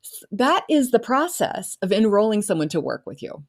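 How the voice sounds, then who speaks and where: A woman's voice: mid-range voice, sing-song, moderate pace. A middle-aged woman coach talking earnestly in a casual solo podcast, now and then acting out her clients' voices. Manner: earnest, warm-hearted, acts out clients' voices. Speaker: business coach and podcast host.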